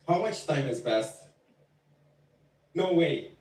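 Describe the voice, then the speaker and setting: A man's voice: on the high side, animated, takes it slowly, slight background noise. A male streamer reacting live to an anime, gushing, swearing and laughing a lot. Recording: echoey room, mic far off, music behind.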